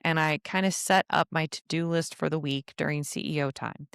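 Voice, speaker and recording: A woman's voice: deep voice, fairly quick, gravelly, clear, resonant tone, no echo, clean studio sound. A woman hosting a solo podcast, giving casual business advice in a chatty way with frequent laughs and playful asides. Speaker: podcast host and travel advisor.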